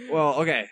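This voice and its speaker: A man's voice: a little high, husky. A man co-hosting a casual comedy podcast, rambling and joking with lots of "like". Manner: rambling, jokey, full of "like". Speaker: podcast co-host.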